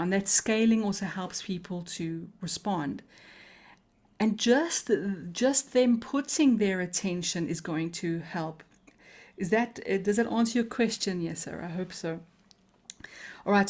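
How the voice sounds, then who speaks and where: A woman coaching trainer teaching a live webinar. She speaks calmly and melodically, slows down with deliberate pauses, and laughs easily. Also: medium pitch.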